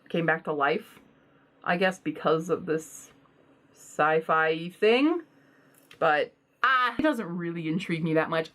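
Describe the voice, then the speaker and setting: A woman with a lowish, slightly bright voice talks casually and bluntly in a book unhaul vlog. She adds self-deprecating asides along the way.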